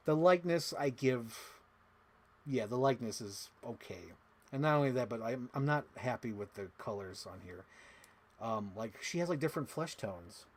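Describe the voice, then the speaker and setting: A man's voice: medium pitch, animated, moderate pace. A man chatting casually in an unboxing vlog, rambling with lots of "like" fillers and dropping into silly voices. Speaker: toy collector vlogger. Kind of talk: casual unboxing chat to a live chat.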